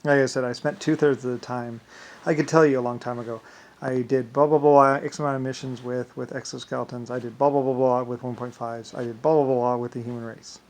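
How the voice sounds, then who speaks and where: A man's voice: mid-range voice, fairly even intonation, fairly quick, darkish tone. A man talking alone to camera in a rambling vlog monologue, drifting between thoughts and leaning on filler phrases. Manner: meandering, repeats "like I said" and "blah, blah". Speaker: vlogger.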